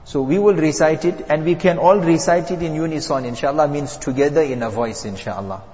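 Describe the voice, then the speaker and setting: Male Quran teacher, storytelling lilt, reverberant hall, muffled lo-fi sound. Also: fairly high pitch. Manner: warm storytelling with chuckles, demonstrates letters slowly. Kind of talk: religious lesson on Quran pronunciation. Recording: dull reverberant hall recording.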